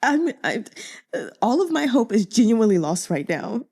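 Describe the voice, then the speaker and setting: A woman who reads novels aloud talks off the cuff about the story, candid and exasperated. Her voice is mellow and fairly high. She uses lots of fillers as she speaks. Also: sing-song, unhurried, vocal fry. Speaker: audiobook reader. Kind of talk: casual reader commentary.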